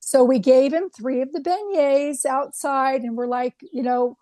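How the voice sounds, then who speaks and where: High-voiced woman telling a story. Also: normal speed, no room sound. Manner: animated anecdote with acted quotes. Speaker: guest. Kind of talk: storytelling in an interview.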